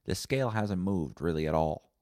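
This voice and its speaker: A man hosts a solo podcast in a low voice, rambling from one thought to the next. His tone is warm and dark, and he swears bluntly. The recording is close and dry, with no room echo. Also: animated, normal speed. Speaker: podcast host. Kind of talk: casual solo podcast monologue.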